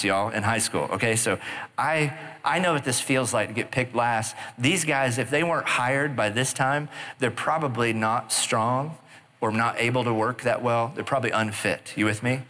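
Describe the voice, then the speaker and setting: Middle-aged guy preaching, chatty and animated, bright forward voice, keeps asking the crowd if they're with him. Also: mid-range voice. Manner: conversational, animated storytelling with audience asides. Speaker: pastor. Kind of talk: sermon.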